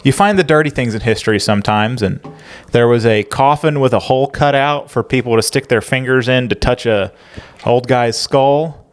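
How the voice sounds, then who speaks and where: A man's voice: medium pitch, moderate pace. A man co-hosting a history podcast, telling stories in a laid-back way and laughing often. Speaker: podcast co-host. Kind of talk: casual comedic chat.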